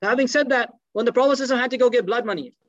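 High-voiced guy rushing through a story lesson, acts out the quotes, dull lo-fi dry audio. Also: no room sound. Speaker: religious teacher. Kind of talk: storytelling lecture.

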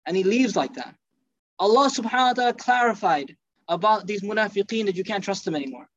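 A man giving an animated sermon, telling stories and acting out the people in them. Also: high-pitched, fast, dry recording, muffled recording. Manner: animated, acts out quotes in dropped voices. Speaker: Islamic lecturer. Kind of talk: lively sermon storytelling.

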